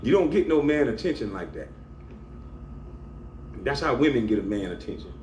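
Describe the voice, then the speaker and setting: His medium-pitched voice is a little mellow yet very animated as this YouTuber rants confrontationally to camera at a moderate pace, scolding and emphasizing his points. An echoey room and a faint hum color the recording.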